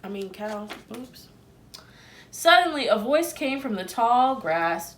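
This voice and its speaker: With a fairly high voice, a woman teacher reads a picture book to young children a little slowly. She is gentle and expressive, and she asks the kids questions.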